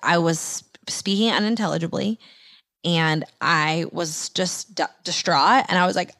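A woman in her thirties hosting a faith podcast, telling a personal story in an animated way and acting out her own past voice. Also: unhurried, dry recording, studio quality. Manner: animated, acts out her own quoted voice in higher pitch. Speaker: podcast host.

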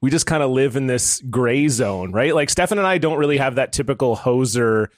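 A man's voice: mid-range voice, lively intonation, brisk, no echo, studio quality. A Canadian man from Ontario co-hosting a podcast, chatting casually and rambling with fillers. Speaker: podcast co-host. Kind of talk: casual chat.

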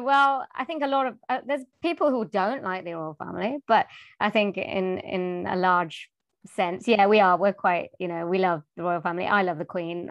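A woman's voice: medium pitch, dry recording. Chatty British woman, dry close sound. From United Kingdom. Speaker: guest, voice-over artist. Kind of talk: casual interview chat. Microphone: remote call.

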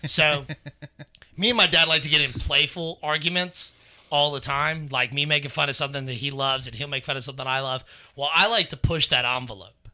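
On a casual podcast, a young male co-host from Northern Kentucky tells stories, acting out quotes and laughing a lot. His voice is fairly high, bright and pushed, with brisk delivery and a fairly even intonation.

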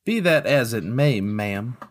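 A man's voice: mid-range voice, animated, slow. A man voicing a stern small-town female police officer in a tabletop role-play, drawling and menacingly polite.

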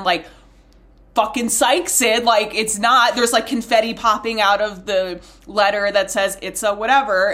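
A young woman in her twenties telling a long family story on a podcast in a casual, profane, animated way. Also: mid-range voice. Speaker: podcast co-host.

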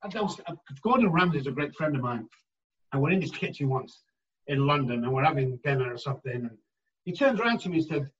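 A man working as an addiction therapist, telling stories in an interview in an emphatic, animated way and acting out the voices he quotes. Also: mid-range voice, quick pace, far from the mic, lo-fi sound. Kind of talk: storytelling in a conversational interview.

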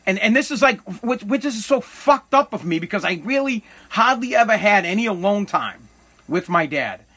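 A middle-aged Massachusetts man telling a personal story on his podcast stumbles, corrects himself, and swears as he rambles along at a moderate pace. His high voice is bright and cutting with a breathy edge, expressive throughout, yet a heavy sense of regret weighs on all of it.

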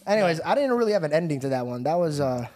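Animated young man, high and lively. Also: racing. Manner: animated, laughing, swearing storyteller. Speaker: podcast host. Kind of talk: casual storytelling chat.

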